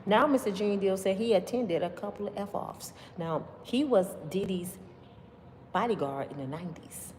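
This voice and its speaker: A woman's voice: medium pitch, moderate pace, a little mellow, big-room sound, slight background noise. A woman giving opinionated commentary on celebrity news, emphatic and preachy, with constant rhetorical questions to her viewers. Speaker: commentary vlogger.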